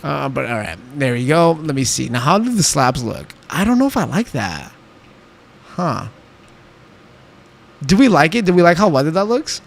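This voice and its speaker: A man's voice: a little high, very animated, normal speed, vocal fry, pauses often. A young man streaming a game, chatting casually and talking back to his chat while he builds. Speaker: livestreamer.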